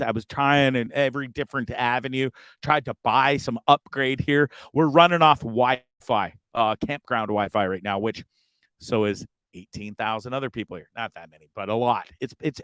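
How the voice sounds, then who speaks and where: A man's voice: mid-range voice, a bit bright, no room sound, studio quality. A man hosting a casual live stream from a campground. He rambles, swears freely, trips over his words, and sounds openly frustrated. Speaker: livestream show host.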